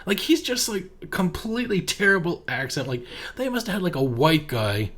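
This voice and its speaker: Snarky horror podcast cohost, cusses, bouncy pitch, keeps giggling. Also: big pitch swings, normal speed, fairly bright tone. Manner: sarcastic, profane, giggly. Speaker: podcast co-host. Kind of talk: casual movie-recap chat.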